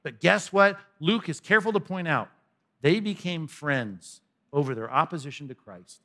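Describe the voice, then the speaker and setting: Male pastor, conversational sermon delivery, animated and expressive, slightly high voice. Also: normal speed. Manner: conversational, animated, humorous asides.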